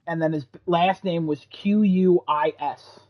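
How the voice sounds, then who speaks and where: A man co-hosting a casual podcast chat, excitable, laughing often and throwing in mock exclamations. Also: a little high, a little slow, slight background noise. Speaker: podcast co-host. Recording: dull lo-fi podcast audio.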